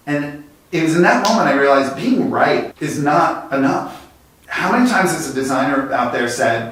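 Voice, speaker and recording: A man speaking as a guest design executive, telling lively workplace anecdotes that speed up in quick bursts. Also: medium pitch, slight background noise. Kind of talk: conversational storytelling. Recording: very echoey room, distant mic.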